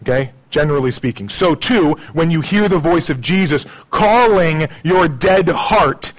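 An expressive, unhurried pastor preaches in a conversational manner, and the recording is rough. He moves between low, soft asides and raised, emphatic lines, frequently adding "okay?" and "right?" to his points.

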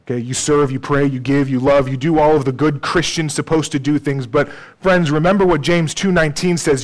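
A man's voice: fairly high pitch, steady tone, brisk, few pauses. A man preaching a sermon in a conversational way, often checking in with "okay?" and "right?".

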